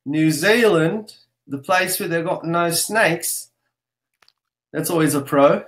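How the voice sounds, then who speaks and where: A man's voice: on the high side, slow pace, fairly bright tone. Upbeat man hosting a live webinar. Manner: upbeat, greets viewers one by one. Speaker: webinar host. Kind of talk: casual live webinar chat.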